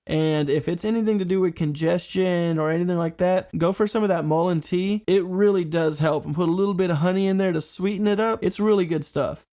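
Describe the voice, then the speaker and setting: A man's voice: sits high, fairly quick, few pauses, mellow. A man hosting a reaction video, talking casually with a congested voice, musing aloud and laughing lightly.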